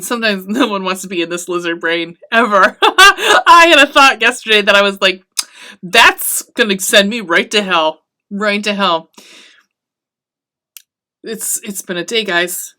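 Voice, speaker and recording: A woman's voice: mid-range voice, normal speed. A woman hosting a podcast, recapping a TV episode in casual, profane chat and acting out the characters' lines. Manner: chatty and excitable, swearing often, acting out the characters' lines.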